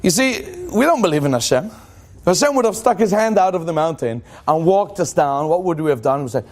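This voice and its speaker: A male rabbi teaches a lively Torah class, telling jokes and firing questions at his audience. His voice sits high and swoops up and down with real energy. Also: a little fast. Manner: animated, joking, asks the audience questions.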